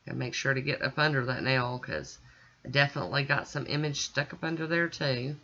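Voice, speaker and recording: A woman talks through her nail art work in a chatty, folksy voice-over, speaking right to her viewers. Her voice is bright and forward. The recording sounds dull and lo-fi. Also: rumbling low, brisk. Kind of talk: casual tutorial voice-over.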